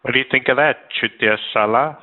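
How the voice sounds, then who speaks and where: Deadpan prank caller on a phone line. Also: male voice, mid-range voice, a little fast. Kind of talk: absurd prank call.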